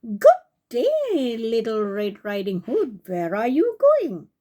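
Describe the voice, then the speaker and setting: A woman's voice: on the high side, huge pitch swings, slow pace, warm tone, exaggerated voice. A woman voicing a cruel, greedy male wolf who talks in a falsely friendly way in a children's story. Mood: sly.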